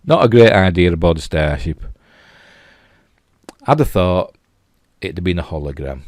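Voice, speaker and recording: Deep-voiced Yorkshire man rambling casually. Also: expressive, normal speed, a little mellow, no room sound, studio quality. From Yorkshire, England. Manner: rambling, lots of "you know" and restarts. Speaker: TV episode reviewer. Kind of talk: casual spoken review.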